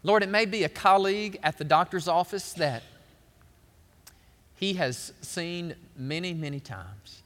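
A middle-aged man preaches a sermon with a bright, high voice, telling folksy stories with animated swings in tone. His voice rings out with a long reverb from a large church hall. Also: a little slow. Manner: animated, folksy storytelling with big swings up in pitch. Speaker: pastor.

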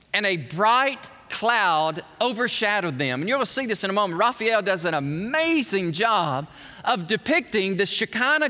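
A man delivers an emphatic sermon in a high, bright voice, pressing hard on his points and throwing questions out to the congregation. Long reverb from a large hall trails behind his words. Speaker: preacher.

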